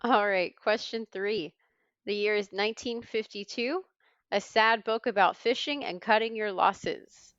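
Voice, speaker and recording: Woman, trivia host, brisk wry clue reading, dry close recording. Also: medium pitch, a bit bright, no room sound, lo-fi sound. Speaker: quiz host.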